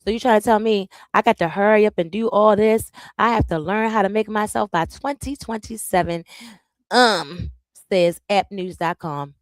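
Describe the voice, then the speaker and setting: A woman's voice: mid-range voice, normal speed, dry recording. A woman hosting a live reaction stream, talking loosely to her viewers, repeating herself as she juggles screens. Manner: loose, repetitive, talks to the audience while juggling screens.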